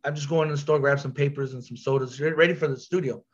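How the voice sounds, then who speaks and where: A man telling a story on a podcast in a casual, animated way, full of slang, repeats and restarts. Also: medium pitch, quick pace, slightly rough, lo-fi sound.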